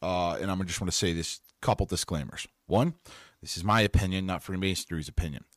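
A man's voice: deep voice, fairly quick, no echo, studio quality. A middle-aged man hosting a podcast alone, fired up and sarcastic, swearing as he reads out listener comments. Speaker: podcast host. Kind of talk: solo podcast rant reading live comments.

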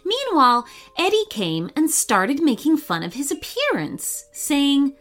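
A woman hosting and narrating a children's story in an expressive, animated read-aloud manner. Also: high-pitched, slow pace, soft background music. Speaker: host and storyteller.

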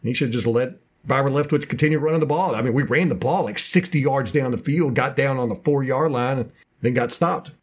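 A man co-hosting a casual sports podcast, ranting passionately in fast bursts about his local team. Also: mid-range voice, slightly rough. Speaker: podcast co-host.

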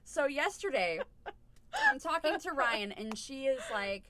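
A woman's voice: high-pitched, animated, measured pace, noisy background. A woman hosting a podcast in casual chat, blunt and swearing freely as she tells stories. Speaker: podcast host.

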